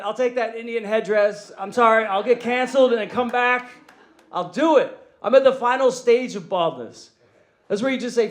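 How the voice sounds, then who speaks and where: Self-deprecating comic man, high voice. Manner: self-deprecating, chuckling through jokes. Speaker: stand-up comedian. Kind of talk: stand-up set.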